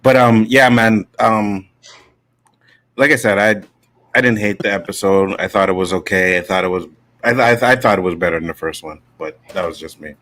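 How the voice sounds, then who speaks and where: Deep-voiced man in casual chat. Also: brisk, no echo, poor audio. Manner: relaxed, slangy, frequent restarts. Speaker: co-host.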